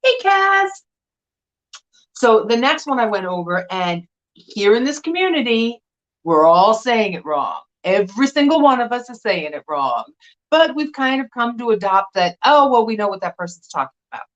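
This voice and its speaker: Woman host, casual livestream chat, mid pitch, slightly dull lo-fi sound. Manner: chatty, explanatory, with restarts and asides. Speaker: host of a live vintage sale.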